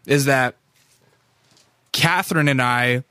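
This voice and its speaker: A man in his thirties from Alaska hosts a podcast alone, rambling casually and cursing as he tells stories. He acts out other people's lines and his voice shoots up high for them. His mid-range voice sits close and dry in the studio, with no room sound at all. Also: slow, bright, forceful tone, smooth, no room sound. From Alaska, USA. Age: 30s. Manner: profane, rambling storyteller. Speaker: podcast host. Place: recording studio.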